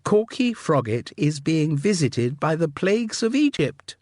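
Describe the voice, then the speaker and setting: A man voicing a clever, brisk upper-class young woman in an audiobook, with crisp, knowing, slightly breathy chatter. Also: fairly high pitch, very animated, a little mellow, no room sound, voice pushed up. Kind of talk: audiobook character voice. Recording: dry close studio sound.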